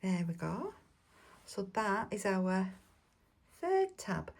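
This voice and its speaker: A woman's voice: medium pitch, big pitch swings, slow, creaky. A woman with a Bolton accent from Lancashire, chatting casually through a crafting tutorial and muttering half-whispered asides to herself as she works. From Bolton, England. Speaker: craft vlogger.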